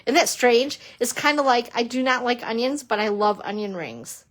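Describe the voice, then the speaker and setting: A middle-aged woman with a slightly high voice runs a live papercraft demo from her craft table. She chats in a bubbly way, pokes fun at herself and greets viewers as she works. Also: moderate pace. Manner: chatty, bubbly, self-teasing, talks to viewers. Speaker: papercrafting instructor. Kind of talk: live-streamed craft demonstration.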